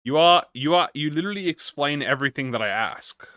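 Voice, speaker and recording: A man's voice: fairly high pitch, expressive, brisk, sharp tone, no echo, studio quality. A man livestreaming, chatting casually with viewers and reading a story aloud, stuttering and restarting often. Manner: encouraging, talks to chat with slang.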